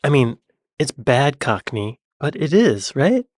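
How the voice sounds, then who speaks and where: A man's voice: mid-range voice, sing-song, takes it slowly. An American man hosting a reaction channel, thinking aloud and asking puzzled questions in casual commentary. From United States.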